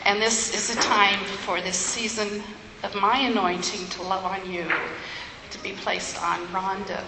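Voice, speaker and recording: A woman's voice: medium pitch, level tone, a little slow. An older woman giving a chatty farewell speech as a ministry leader, laughing at her own jokes. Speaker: outgoing women's ministry leader. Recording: echoey hall with noise.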